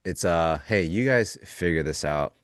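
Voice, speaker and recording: A man's voice: low-pitched, unhurried, no echo, studio quality. A man co-hosting a live trading show, talking casually and jokingly about the market, acting out little quoted lines. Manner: animated, jokey, acts out quoted lines.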